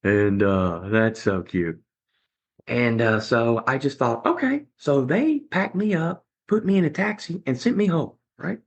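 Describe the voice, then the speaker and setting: A man's voice: medium pitch, unhurried, lo-fi sound. A middle-aged man as a podcast guest, telling a personal story conversationally and acting out what others said. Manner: animated, acts out other people's lines.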